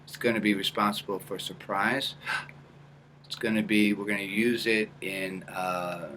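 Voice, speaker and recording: A man teaching a lesson, calmly guiding and demonstrating small hums and nasal sounds as examples. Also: on the low side, unhurried, a little hiss or hum. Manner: demonstrates hums and small vocal sounds between calm guidance. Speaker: acting coach. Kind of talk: instructional tutorial.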